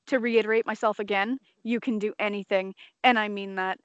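A woman's voice: fairly high pitch, fairly even intonation, moderate pace, few pauses, clear, resonant tone, no room sound. A woman co-hosting a live film podcast, outspoken and blunt, swearing freely in casual chat. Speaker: podcast co-host. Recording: dry, dull lo-fi sound.

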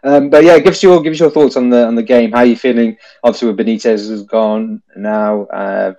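Male podcast host, mid-pitched, chatty and easygoing, phone mic. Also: fairly even intonation, fairly quick, dark tone, highs cut off. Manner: chatty, laughs easily, calls people mate. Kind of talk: casual chat on a phone-in.

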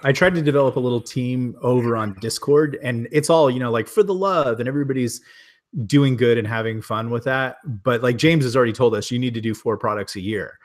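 A man's voice: mid-range voice, a little fast. Rambling man on a podcast call. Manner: rambling, full of fillers and restarts. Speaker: podcast guest, publisher. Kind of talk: casual chat. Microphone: remote call.

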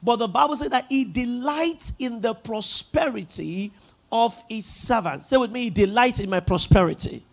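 At normal speed and in a very high-pitched voice, a pastor with a Nigerian accent delivers an emphatic sermon. He leads his congregation through repeated lines and escalates into shouting.

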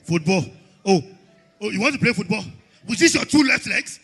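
A man playing a hot-tempered, stingy father who shouts and scolds in a church drama skit. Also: sits high, animated, moderate pace, gravelly, soft background music, full character voice. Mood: scolding. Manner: loud scolding, exasperated shouting. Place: church stage.

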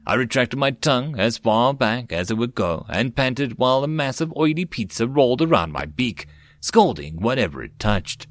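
A man's voice: medium pitch, lively intonation, normal speed, no room sound. Man reading a story in a dry voice. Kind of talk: reading fan fiction aloud.

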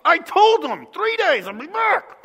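A man doing an exasperated Jesus, shouting. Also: sing-song, measured pace, full character voice. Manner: shouting, high-pitched exclamations. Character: exasperated risen Jesus, a grown man scolding his followers. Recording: long reverb of a large hall.

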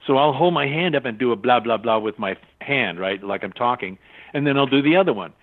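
An older man, a guest in a casual interview, telling lively anecdotes, acting out other people's voices and laughing often. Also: medium pitch, fairly quick. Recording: tinny phone-line sound.

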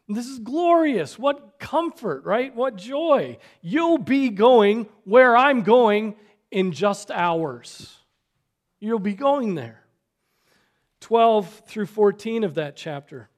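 A man preaching a sermon, earnest, swinging between loud exhortation and soft, quiet asides. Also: sits high, expressive, slow. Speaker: pastor.

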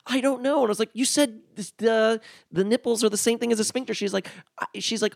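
A man in a casual podcast chat, telling long stories about his mother, full of "like" fillers and lively when he quotes people. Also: sits high, quick pace, gravelly, dry recording, clean studio sound. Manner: rambling, lots of "like" fillers, animated when quoting people.

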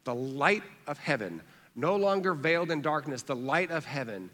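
A man preaching a sermon with a bright, ringing tone that sits a little high for a man. He is earnest and repeats phrases for emphasis, often dropping soft on key words. His voice carries the long reverb of a large hall. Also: expressive, normal speed. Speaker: pastor.

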